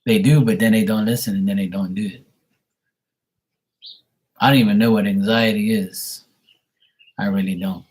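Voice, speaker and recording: A man's voice: lowish voice, steady tone, normal speed, pauses often, darkish tone. A man who reads tarot on a live stream, ranting bluntly and profanely to his viewers. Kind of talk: casual rant to viewers.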